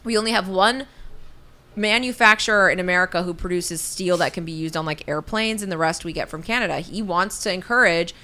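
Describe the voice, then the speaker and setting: Bright-voiced woman rambling on a podcast. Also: on the low side, a little fast. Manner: rambling, self-deprecating, laughing often. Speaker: podcast co-host. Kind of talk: casual comedic podcast chat.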